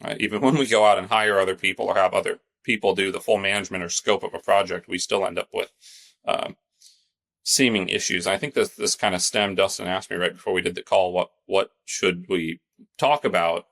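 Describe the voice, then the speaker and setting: Man, from California, podcast co-host, casual rambling stories, fairly low voice. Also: fairly even intonation, fairly quick, a bit bright. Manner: rambling storytelling, laughs easily.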